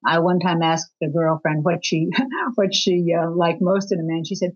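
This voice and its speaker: A woman with a fairly low voice explains her views as an interview guest, her pitch leaping up to stress key points. The recording is dull and lo-fi. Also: normal speed. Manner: expressive, pitch leaping up for emphasis. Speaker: guest author on attraction. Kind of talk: interview answers.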